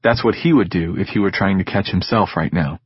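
A man narrating a science fiction audiobook in measured, steady storytelling. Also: deep voice, breathy edge, no echo, muffled recording. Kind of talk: scripted narration.

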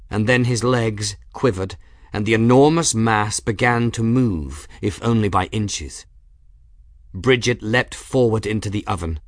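Man, audiobook narrator, lowish voice, dramatic steady reading, dry recording. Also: no echo. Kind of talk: scripted fantasy narration.

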